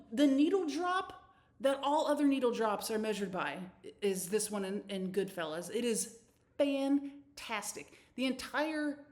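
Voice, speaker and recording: Woman in her thirties, podcast host, effusive and chatty, stumbles and restarts a lot. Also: medium pitch. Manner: animated, effusive, frequent restarts and stammers. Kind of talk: casual solo podcast monologue.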